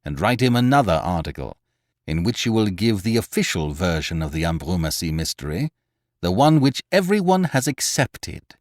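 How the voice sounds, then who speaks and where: A man's voice: sits low, very animated, moderate pace, dry recording, studio quality. A man voicing a proud, wrathful master thief who mutters threats through his teeth in an audiobook reading. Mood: menacing. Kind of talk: audiobook character voice.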